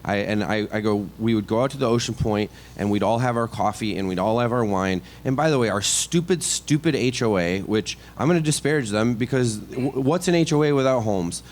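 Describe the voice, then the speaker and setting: A middle-aged man, a stand-up comedian, telling a story on a podcast in a casual, animated, self-deprecating way full of asides and restarts. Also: fairly low pitch, fairly quick, few pauses, a little hiss or hum. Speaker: comedian guest.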